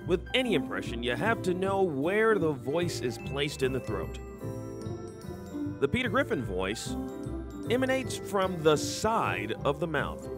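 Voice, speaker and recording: A man's voice: on the high side, big pitch swings, a little slow. A man giving upbeat, announcer-like scripted narration for a vlog. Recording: narration over music.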